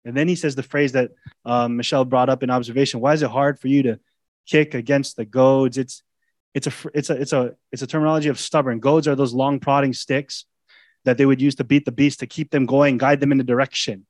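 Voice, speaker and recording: Conversational pastor with big swings in emphasis. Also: male voice, mid-range voice, level tone, quick pace, no room sound. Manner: conversational, swings between loud emphasis and quiet intimate asides. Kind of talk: expository sermon.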